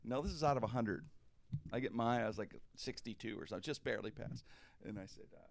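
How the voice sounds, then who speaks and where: Middle-aged guy telling a story on a podcast, laughs a lot, gravelly voice, dry sound. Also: mid-range voice, quick pace, no room sound. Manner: animated, laughing often through anecdotes. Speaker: podcast host. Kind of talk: casual storytelling.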